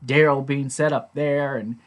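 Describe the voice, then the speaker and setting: A man's voice: medium pitch, fairly even intonation, measured pace. A man giving a casual recap of a TV episode, chatty and blunt, retelling scenes by quoting the characters and swearing now and then. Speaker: TV show reviewer.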